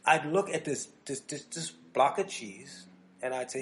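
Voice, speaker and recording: A man's voice: medium pitch, expressive, measured pace, fairly bright tone. A man from New Jersey hosting a podcast, telling rambling stories in casual chat and laughing easily. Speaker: podcast host.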